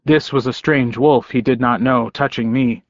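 A man reading a first-person audiobook in an unhurried, measured manner. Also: mid-range voice, fairly even intonation, no room sound, dull audio. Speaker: audiobook narrator.

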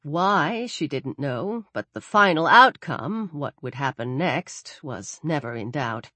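A woman reading a thriller audiobook aloud with expressive, varied delivery. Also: low voice, slow, no echo. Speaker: audiobook narrator. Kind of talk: scripted audiobook narration.

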